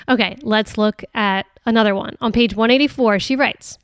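A fairly high-voiced woman talks through a book on her podcast in a casual, earnest way. She stops and restarts often and leans on filler words. Her voice sounds smooth and close, with a dry, unechoing sound. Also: moderate pace, no room sound. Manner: hesitant, many restarts and "like" fillers; earnest and chatty. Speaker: podcast host. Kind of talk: casual reflective talk on a book.

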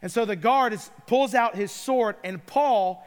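A man's voice: high voice, a little slow, in a large hall. A middle-aged man preaching a sermon, retelling scripture stories with playful asides. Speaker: pastor.

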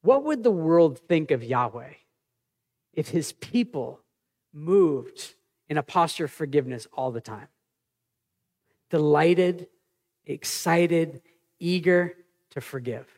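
High-voiced man preaching animatedly. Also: slow pace, long pauses. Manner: animated, conversational preaching with personal stories. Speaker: pastor. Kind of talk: sermon.

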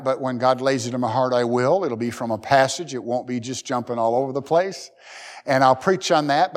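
A middle-aged male pastor delivers a sermon in a folksy, joking way. His voice sits a little high for a man. It rises and drops sharply in pitch and loudness from phrase to phrase.

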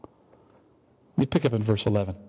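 A man's voice: fairly low pitch, moderate pace, mellow, slightly rough. A man pastor preaching a sermon, telling a story earnestly with rhetorical questions. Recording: long hall reverb, faint ambience.

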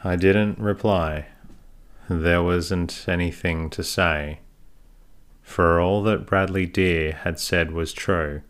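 A man narrating a first-person story as an audiobook, in a measured, unhurried way. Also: low-pitched, steady tone.

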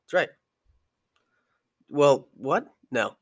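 Animated man hosting a sports podcast. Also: medium pitch, drawn-out words, no room sound, clean studio sound. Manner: animated storyteller, mimics players. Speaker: podcast host. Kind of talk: casual sports chat.

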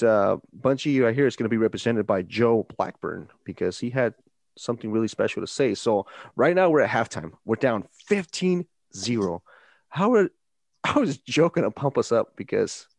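A man's voice: medium pitch, normal speed, vocal fry, no echo. A man hosting a casual gaming podcast chat, rambling and restarting his words as he talks. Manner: rambling, repeats and restarts words, animated emphasis. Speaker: podcast host.

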